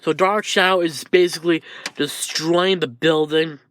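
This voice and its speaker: A man's voice: fairly high pitch, fairly even intonation, measured pace, fairly bright tone. A man improvising a fan story aloud, rambling and hesitant with many restarts.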